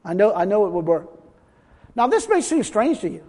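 A man's voice: sits high, very animated, moderate pace, a little mellow. A man preaching a sermon, emphatic, reading scripture aloud and acting out what people say. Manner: emphatic, reads scripture aloud, acts out quotes. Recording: long hall reverb.

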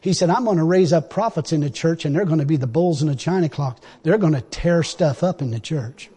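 Husky, high-voiced preacher man in a church hall. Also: fairly quick. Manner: impassioned, swings between loud exhortation and low confiding asides; folksy, colloquial grammar. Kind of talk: sermon.

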